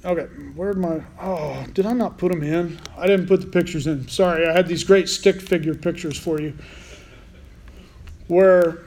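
A man's voice: on the high side, darkish tone. A man preaching a casual Bible sermon, asking his listeners questions as he goes. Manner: informal, asks the listeners questions. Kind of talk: conversational sermon.

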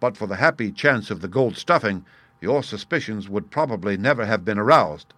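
A man voicing Sherlock Holmes, crisp and explanatory. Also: on the low side, normal speed, dry recording. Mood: explaining. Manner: crisp, explanatory, bursts of excitement. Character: sharp, brisk male detective, confident reasoner.

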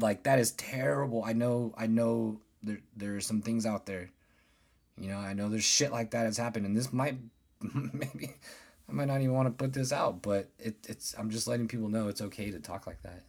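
A man's voice: lowish voice, a little mellow, husky. A man in his thirties hosting a podcast, ranting casually and rambling with lots of swearing and restarts. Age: 30s. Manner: profane, rambling, restarts often. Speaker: podcast host. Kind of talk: casual solo podcast rant.

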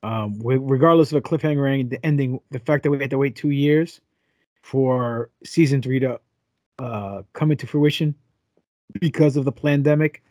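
A man's voice: mid-range voice, a little mellow, no echo, clean studio sound. A man hosting a casual podcast, reading out news items in a loose, stumbling, joking way. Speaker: podcast host.

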